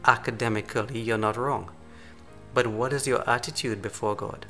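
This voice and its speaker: A man's voice: mid-range voice, a bit bright. Male preacher, earnest sermon delivery, faint music underneath. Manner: earnest, slows down for emphasis.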